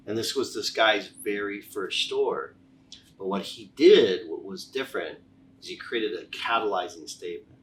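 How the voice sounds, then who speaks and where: A middle-aged man with a lowish voice tells stories in a relaxed, conversational way, often restarting his words as he gets going. He sits a little back from the microphone. A faint hum of background noise runs under his voice. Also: moderate pace, far from the mic. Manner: animated anecdotes, repeated word restarts. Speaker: chiropractor, podcast guest. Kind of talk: casual conversational storytelling.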